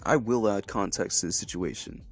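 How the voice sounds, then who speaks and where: A man's voice: medium pitch, big pitch swings, moderate pace, faint music behind. A young man doing ranting commentary, angry, profane and mocking. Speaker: commentary YouTuber.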